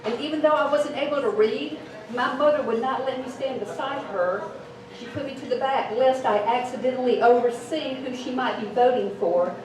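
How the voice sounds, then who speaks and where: On stage before an audience, a Mississippi woman in her fifties tells a story formally and earnestly as a storytelling contestant. She has a deep Southern accent and a moderate pace, with a crowd audible behind her. The event hall echoes, the mic is distant, and it's noisy.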